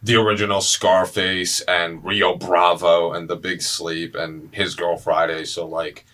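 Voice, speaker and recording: A young man hosting a casual movie podcast, animated and joking, swearing freely. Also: sits low, unhurried. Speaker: podcast host.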